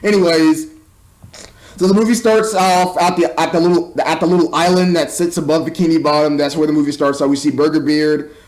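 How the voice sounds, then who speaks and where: Young guy with a high voice rambling thru a movie review, keeps tripping on his words. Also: fairly even intonation, brisk, darkish tone, low-quality recording. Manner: rambling, exasperated, stumbling over words. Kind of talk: casual spoken movie review.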